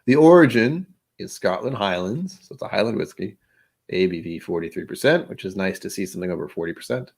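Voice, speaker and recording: A man with a fairly low voice hosts a relaxed livestream. He talks casually and rambles, restarting sentences and poking fun at himself. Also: a little fast, gravelly, breathy edge. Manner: rambling, self-deprecating, with frequent restarts. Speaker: host of a whisky livestream.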